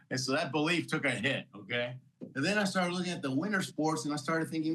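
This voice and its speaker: An older man in his sixties with a bright, forceful voice sits as an interview guest and tells his story. He talks with lively energy, laughs often and slips into the voices of the people he met along the way. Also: a little high, brisk, a little hiss or hum, low-quality recording. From Houston, Texas. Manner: energetic, motivational, laughs often, acts out dialogue. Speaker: guest, Olympic athlete.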